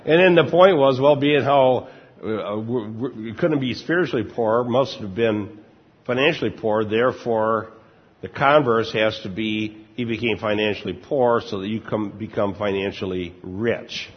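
Brief: older male pastor, husky and lowish, chatty and chuckling sermon delivery, dull recording in a reverberant church. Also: normal speed. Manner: chuckles often, relaxed and informal. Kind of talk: conversational sermon.

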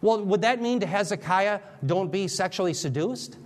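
A man's voice: high voice, lively intonation, moderate pace. A man giving a conversational teaching sermon, explaining scripture step by step, often checking in with the listeners and adding joking asides. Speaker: Bible teacher.

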